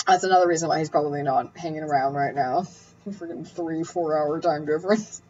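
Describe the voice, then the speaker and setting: Lady streaming, kinda low voice, rambly and laughy, voice going a bit, dull lo-fi audio. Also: fairly quick, dark tone, soft background music. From Canada. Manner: chatty and rambling, laughing often. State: losing her voice. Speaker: live-stream cooking host. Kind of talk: casual live-stream chat.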